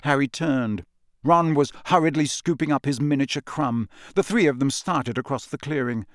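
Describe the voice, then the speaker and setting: A man narrating a fantasy storybook in a dramatic, expressive reading. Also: mid-range voice, normal speed, no echo, clean studio sound. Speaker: audiobook narrator.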